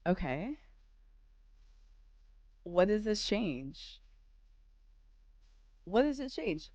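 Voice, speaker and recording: A woman's voice: medium pitch, extremely slow, no echo, dull audio. Ranting woman host, dry close sound. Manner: animated ranting, rhetorical questions. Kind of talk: casual reaction rant.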